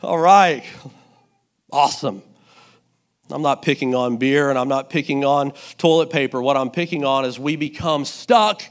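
A pastor preaching a sermon at church into a handheld mic, animated and playful, acting out the quotes he tells. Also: mid-range voice, normal speed.

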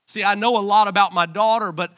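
Man, pastor, sermon, high voice, bright tone, hushed to emphatic. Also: steady tone, quick pace. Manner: impassioned, swinging from hushed to emphatic. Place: church.

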